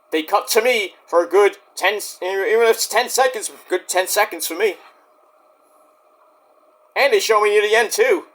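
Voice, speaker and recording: A man speaks straight to the camera in a rambling vlog rant, his voice sitting high for a man. He is indignant and defensive, repeats himself, restarts his sentences and swears freely at the people who doubt him. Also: a bit bright. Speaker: YouTube wrestling reviewer. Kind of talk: ranting vlog address to critics.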